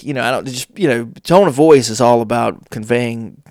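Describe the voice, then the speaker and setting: A man hosting a casual advice talk, with deliberate pauses and playful shifts of tone. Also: mid-range voice, a little mellow, no room sound, studio quality. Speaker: host.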